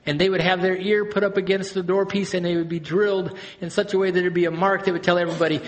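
Male pastor, high voice, animated sermon delivery, dips to quiet intensity then climbs to loud emphasis. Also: fast, few pauses. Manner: animated preaching, swings from hushed to loud and high.

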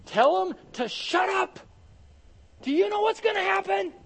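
A man voicing panicky male religious leaders who urgently plead and shout demands. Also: very high-pitched, animated, a little slow, creaky, voice pushed up, exaggerated voice. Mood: alarmed.

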